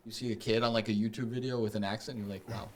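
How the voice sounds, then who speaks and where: A man with a mid-range voice co-hosts a casual podcast. He talks in a relaxed, rambling way. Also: medium pitch, rapid-fire. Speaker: podcast co-host.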